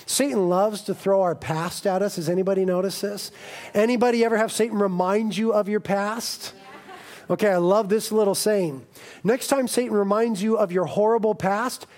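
Brief: high-pitched man preaching, lively, casual and joking. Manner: animated, jokey, conversational preaching. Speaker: pastor. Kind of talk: sermon.

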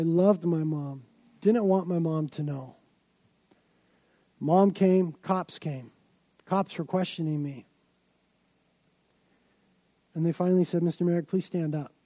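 A man's voice: a little high, unhurried, long pauses, dark tone, no room sound. A man preaching a sermon, telling stories dramatically with emphatic build-ups. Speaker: pastor.

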